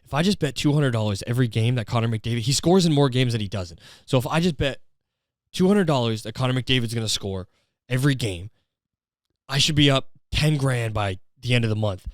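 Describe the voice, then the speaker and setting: A man's voice: mid-range voice, expressive, a little fast, no room sound, studio quality, lightly acted. A man doing a wheedling broke gambler husband. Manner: wheedling, rambling, switches to insults. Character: sleazy broke gambling husband, male adult, pleading.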